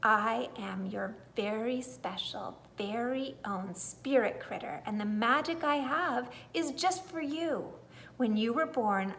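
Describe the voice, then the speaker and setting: A woman voicing a tiny, kind old female moon spirit in a storybook, speaking softly with a hushed, gently commanding manner. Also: a little high.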